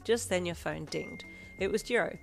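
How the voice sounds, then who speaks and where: A woman reading a fanfiction story aloud in the second person, calm and even, as a storyteller. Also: lowish voice, normal speed, creaky. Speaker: fanfiction reader. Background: soft backing music.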